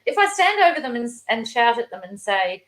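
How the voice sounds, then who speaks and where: A middle-aged woman teacher, a guest telling stories in a lively conversational way, acting out quoted voices. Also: fairly high pitch, a little fast, low-quality recording. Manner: animated storyteller, acts out quoted voices. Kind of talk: conversational interview.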